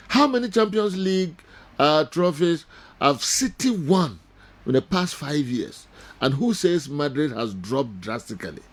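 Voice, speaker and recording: A man with a Ghanaian accent hosting a studio football debate, animated and switching between English and Twi. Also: fairly high pitch, a little slow. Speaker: sports show host.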